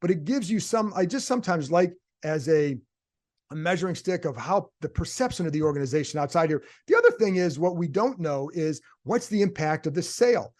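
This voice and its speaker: Hosting his own show, this male sports reporter chats through his views alone, tossing out rhetorical questions and then answering them himself. He speaks a little fast, in a slightly high voice with lively intonation, keeping things conversational and thought-out-loud.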